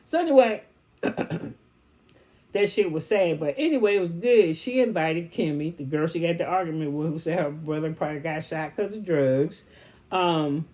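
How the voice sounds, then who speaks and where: A woman's voice: low-pitched, normal speed, warm tone. A woman retelling a reality show episode in casual, blunt, heavily profane slang, slipping into quoted lines as she goes. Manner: acts out quoted lines in passing. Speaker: show recapper. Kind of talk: casual recap chat.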